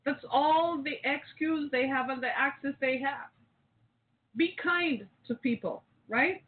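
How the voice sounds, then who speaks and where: A woman host delivers a rousing, preachy monologue and keeps turning to address her listeners directly. Her voice sits a little high. The audio is narrow and tinny, like a phone line. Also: slow. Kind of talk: impassioned call-in radio monologue.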